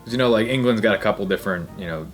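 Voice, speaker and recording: A man with a light Central New Jersey accent talks quickly in a casual panel chat, explaining things at length. His voice sits low, and faint music plays behind him. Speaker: panel guest.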